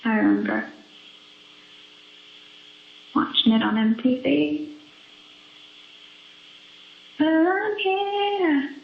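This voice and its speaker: A woman's voice: mid-range voice, lo-fi sound. Chatty giggly woman on an echoey call. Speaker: caller on a phone call. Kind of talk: casual phone chat.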